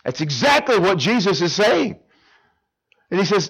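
A male preacher giving a sermon, telling a Bible story in an animated, folksy way with humor. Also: sits high, moderate pace, gravelly, pauses often, breathy edge, poor audio.

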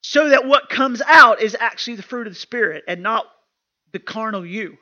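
A woman preaching to a women's retreat with a bright, forceful edge to her voice. She drives her points home by repeating them, in plain, homey language. The recording sounds a little dull and lo-fi. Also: a little high, animated, normal speed. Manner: emphatic and repetitive, with plain homespun talk. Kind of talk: sermon.

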